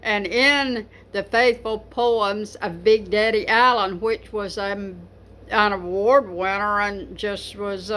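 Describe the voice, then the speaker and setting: A woman's voice: medium pitch, fairly bright tone, a little hiss or hum. A woman talking casually to camera about writing poetry, rambling with many fillers and restarts. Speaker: poetry vlogger.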